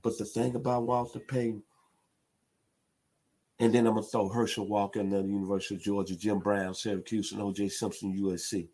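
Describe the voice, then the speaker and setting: Husky emphatic sports commentator man. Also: lowish voice, flat delivery, a little fast, mellow. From Memphis, Tennessee. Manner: emphatic, builds to impassioned outbursts. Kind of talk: passionate sports commentary monologue.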